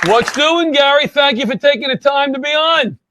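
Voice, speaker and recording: A man's voice: very high voice, moderate pace, crowd noise, noisy background. A man hosting a talk show, bantering chummily with guests in casual interview chat.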